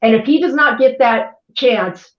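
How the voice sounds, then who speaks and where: A woman's voice: a little high, unhurried. A woman co-hosting a casual sports chat, ranting bluntly and swearing freely. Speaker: podcast co-host. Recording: echoey, dull, lo-fi sound.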